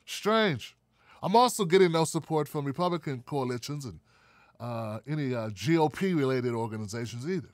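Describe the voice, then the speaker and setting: A man's voice: medium pitch, animated, normal speed, dry recording, studio quality. A man hosting a live political talk stream, chatting casually with viewers and making sarcastic asides. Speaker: show host.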